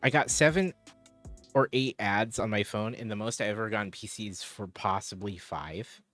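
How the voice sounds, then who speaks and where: A man's voice: fairly low pitch, normal speed, fairly bright tone, soft background music. A man chatting casually on a live stream, rambling as he answers viewers' chat.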